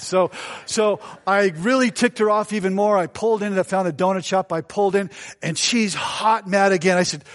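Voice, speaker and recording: High-voiced joking male pastor. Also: moderate pace. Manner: storytelling, joking, asks the congregation. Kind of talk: sermon.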